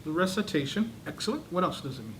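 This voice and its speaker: A man's voice: fairly high pitch, big pitch swings, quick pace, background noise. A man lecturing a class, asking the students questions and acting out voices to show how tone changes meaning. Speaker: teacher of a class.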